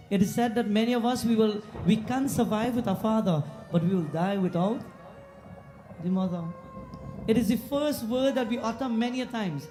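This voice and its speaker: Trinidadian guy preaching, high but mellow voice, faint music behind, short repeated lines. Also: moderate pace. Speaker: pundit. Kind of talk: sermon storytelling. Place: temple.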